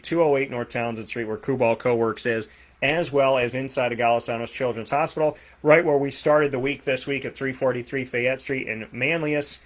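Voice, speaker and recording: A man with a Boston accent hosting a sports talk show, rattling off plugs and shout-outs with energy. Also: mid-range voice. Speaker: host. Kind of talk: energetic radio show sign-off.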